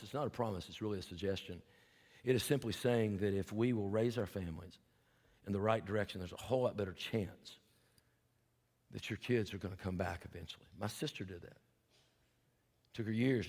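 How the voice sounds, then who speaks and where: A man's voice: lowish voice, a little mellow, long reverb tail. An older man preaching a sermon as pastor, telling folksy stories with humor and then urging his listeners earnestly. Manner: earnest, emphatic exhortation. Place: church sanctuary.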